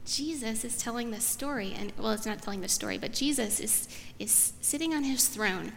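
A woman pastor gives a children's sermon and keeps asking the kids friendly questions. Her voice sits fairly high. It rings with a long reverb through a large sanctuary, over faint room noise. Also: normal speed, creaky.

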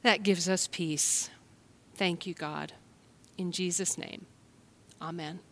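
A woman from the United States, a pastor telling a children's story and preaching a sermon in a gentle storytelling manner. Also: lowish voice, steady tone, takes it slowly, slight background noise. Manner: gentle, storytelling, speaks straight to listeners.

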